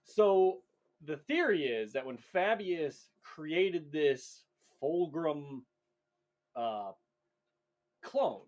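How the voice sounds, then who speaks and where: An excitable man co-hosting a casual podcast, his voice sitting a little high and swinging widely in pitch. He swears freely and gets loud when a theory grabs him. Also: very slow, pauses often, muffled recording. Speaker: podcast co-host. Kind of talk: casual chat.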